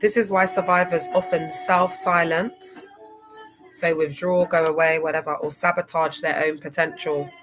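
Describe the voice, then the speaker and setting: A woman's voice: lowish voice, steady tone, moderate pace, a bit bright. Woman, casual livestream host, chatty, laughs a lot, faint music underneath. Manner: chatty, laughs often, spells out words.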